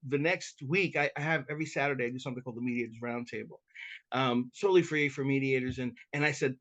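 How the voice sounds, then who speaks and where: The audio is dull, and the man speaks fast in a mid-range voice. A self-described talker who works as a mediator, he chats animatedly as a podcast guest, spinning stories in a conversational interview while frequently restarting and repeating himself.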